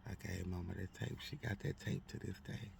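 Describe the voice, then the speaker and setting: A man's voice: low voice, steady tone, brisk, vocal fry, darkish tone, slight background noise. A man telling a heartfelt personal story to his followers, repeating phrases and speaking straight to his audience.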